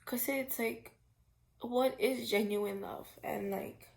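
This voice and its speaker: A woman in her twenties from the Philippines, talking through her feelings in a halting, emotional way with lots of fillers. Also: a little high, fairly even intonation, vocal fry. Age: 20s. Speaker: vlogger. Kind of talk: casual personal chat. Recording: roomy echo.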